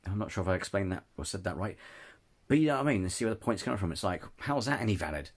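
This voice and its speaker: Husky, ranting man. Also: low voice, animated, racing. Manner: ranting, frequent restarts and apologies. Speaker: channel host. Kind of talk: casual opinion rant to camera.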